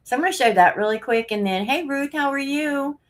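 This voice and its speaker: A woman's voice: high-pitched, lively intonation, fairly quick. A woman hosting a casual live stream, out of breath, rambling and laughing often as she greets viewers.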